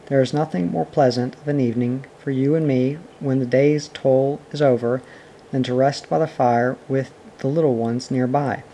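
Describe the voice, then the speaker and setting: Guy reading as a carefree boy playing dad, breezy, a bit anxious, mellow. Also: mid-range voice, steady tone, moderate pace, slight background noise, close to an everyday voice, rough recording. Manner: breezy, then anxious and puzzled. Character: boyish carefree boy pretending to be father. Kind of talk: audiobook reading.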